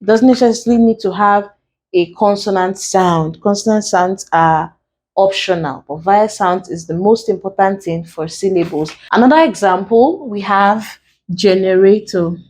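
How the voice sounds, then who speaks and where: A woman teaching an exam-prep lesson, spelling out word endings letter by letter in a deliberate way. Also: mid-range voice, darkish tone. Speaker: English tutor.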